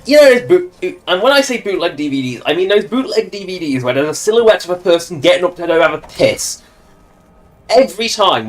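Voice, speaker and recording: Streamer guy rambling and cracking jokes at himself, voice bouncing all over, game music low underneath. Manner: joking, self-mocking, rambling asides. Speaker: livestreamer. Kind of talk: casual gaming commentary.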